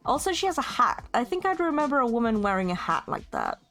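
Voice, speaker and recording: A woman's voice: on the high side, sing-song, fast, a bit bright, faint music behind. A woman streaming herself as she plays and narrates a story game, playful and jokey, laughing often. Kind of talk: narrating and playing a game live.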